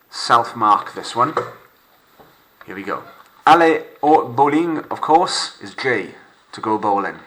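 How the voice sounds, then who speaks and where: A male teacher talking through a recorded lesson for pupils at home. His voice sits a bit low but carries a bright, forceful tone. He slows right down to model each phrase clearly before explaining it. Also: poor audio. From Wales.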